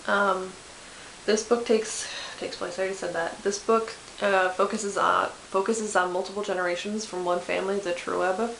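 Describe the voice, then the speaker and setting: This book vlogger, a woman in her twenties, has a medium-pitched, creaky, slightly bright voice with fairly even intonation at normal speed. She chats casually and self-deprecatingly about beloved books, filling her talk with fillers, restarts and self-corrections. The recording has echo and a faint hiss.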